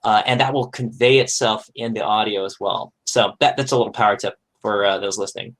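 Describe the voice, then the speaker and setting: A man, a podcast host, speaking as a guest on an online panel in a relaxed, conversational way with frequent fillers. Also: on the low side, a little fast, poor audio. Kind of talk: casual panel discussion.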